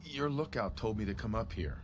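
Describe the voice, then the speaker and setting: A man's voice: fairly low pitch, expressive, brisk, noisy background, close to an everyday voice. An actor playing a puzzled male soldier who asks blunt questions.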